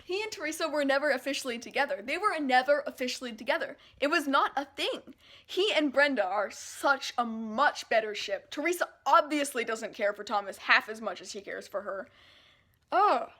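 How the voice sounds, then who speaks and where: High-voiced gushing woman book vlogger. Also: normal speed. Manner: gushing, emotional, excitable. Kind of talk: casual read-along reaction.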